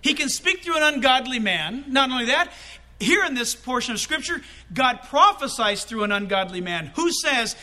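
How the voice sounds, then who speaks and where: Bright-voiced male pastor preaching. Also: very high voice, moderate pace. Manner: animated, conversational preaching with asides and laughs. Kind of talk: sermon.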